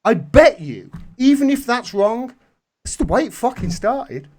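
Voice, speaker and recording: A man hosting a live video call, talking animated and swearing freely as he rants. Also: extremely high pitch, a little slow. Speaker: host. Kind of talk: casual chat.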